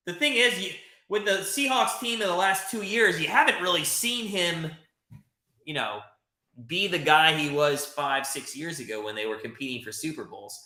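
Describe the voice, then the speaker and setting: Male streamer host, excitable live play-by-play chatter, bright forceful voice, roomy echo. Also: on the high side. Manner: excitable, chatty, swears, reads chat. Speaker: livestream host. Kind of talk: live watch-party commentary.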